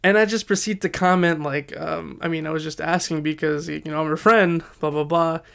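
A young man telling a story in a casual, animated way, acting out the quotes. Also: fairly high pitch, a little fast, gravelly, clean tone.

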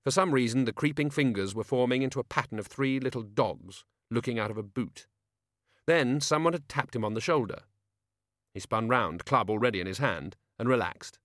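A man narrating an audiobook with a measured, expressive reading. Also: medium pitch, dry recording, studio quality.

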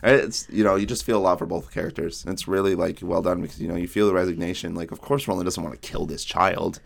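A man co-hosting a podcast, talking through a book in casual chat and rambling through retold scenes with quick quotes from the characters. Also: low-pitched, steady tone, gravelly. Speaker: podcast co-host.

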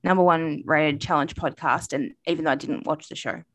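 A woman's voice: low voice, fairly quick. A woman co-hosting a podcast in casual chat, chatty with frequent fillers and laughs. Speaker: podcast co-host.

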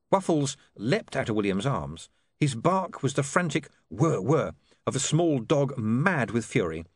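A man narrates an audiobook in a measured, expressive manner, with his pitch ranging widely across each sentence. The recording is dry and close, with no echo.

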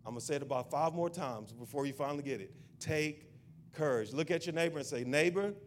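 A man's voice: a little high, quick pace, slight background noise. A male pastor preaching a sermon in a church. He repeats his point insistently and builds into a fervent prayer.

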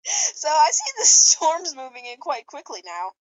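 Giggly high-voiced woman reading fanfiction. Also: huge pitch swings, measured pace, poor audio. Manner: giggly, stumbling over words. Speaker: podcast co-host.

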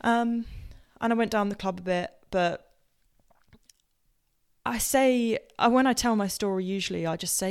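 A podcast host from Southampton, England, with a posh southern English accent, tells personal stories in a rambling, casual way, full of fillers and self-corrections. Her voice is medium-pitched and clean, at a measured pace.

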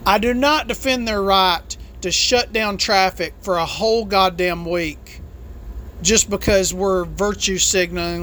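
A woman with a bright, tense voice vents on her solo podcast, swearing hard as she complains about the road. Her delivery jumps around, leaping up in bursts and then dropping low and quiet. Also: unhurried, slight background noise. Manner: profane, angry complaining; lively, jumpy delivery. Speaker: podcast host and truck driver.

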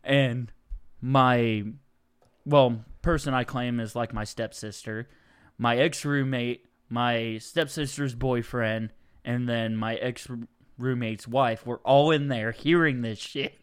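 A man's voice: medium pitch, fairly even intonation, slow pace, clean tone. A man as a podcast guest telling stories in a rowdy, profane, casual way. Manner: rowdy, profane, laughs often. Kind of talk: casual chat, storytelling.

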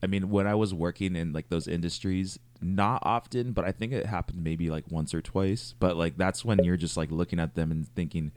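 A man's voice: deep voice, steady tone, moderate pace, hardly any pauses, a little mellow. A young man co-hosting a podcast, telling rambling, profane stories in casual chat. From California. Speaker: podcast co-host.

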